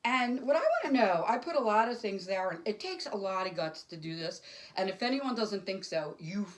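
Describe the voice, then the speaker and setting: A woman's voice: mid-range voice, animated, moderate pace. A middle-aged woman doing solo stand-up to camera at home, rambling and emotional, jumping between topics. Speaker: stand-up comic. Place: home, alone.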